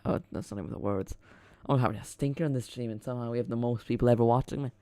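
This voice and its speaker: Man, live-stream host, casual rambling chat, average pitch. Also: racing, few pauses, warm tone, smooth. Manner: rambling, chatty, reacts to chat and match. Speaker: streamer hosting a live football watchalong.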